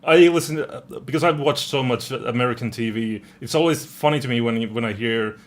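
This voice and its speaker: A man's voice: mid-range voice, fairly quick. A man from Finland with a Finnish accent, co-hosting a casual podcast chat, hesitant and laughing often. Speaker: co-host.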